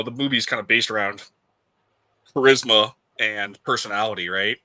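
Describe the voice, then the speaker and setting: A man's voice: on the low side, pushed and bright, low-quality recording. A young man from the States chatting casually, rambling with lots of fillers and restarts. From United States. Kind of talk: casual chat.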